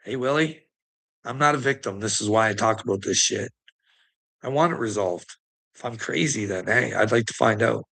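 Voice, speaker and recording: A man rants into the mic in a taunting, profane monologue, his voice rough and gravelly. The tone is tense and edgy, and he mocks his listeners, hammering home words by repeating them. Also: on the low side, moderate pace, a bit bright. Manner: taunting, profane, mocking laughs. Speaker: online commentator. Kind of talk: ranting monologue to camera.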